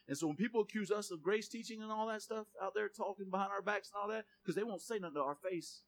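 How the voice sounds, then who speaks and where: A male pastor giving a sermon in a lively, joking way, reading scripture aloud. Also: sits high, quick pace, few pauses.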